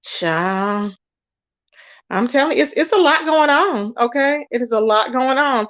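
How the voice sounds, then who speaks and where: A chatty woman hosts a live stream, gossiping and answering her chat with pet names like baby and child. Her voice sits a little high, and the sound is dry and close, with no room around it. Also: unhurried, no room sound, lo-fi sound. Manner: animated and chatty, calls viewers "baby" and "child". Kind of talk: casual gossip commentary.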